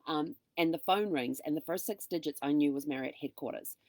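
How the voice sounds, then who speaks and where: Middle-aged female host, low voice, dry close sound, animated storyteller who acts out dialogue. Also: a little fast, no room sound. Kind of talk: casual storytelling monologue.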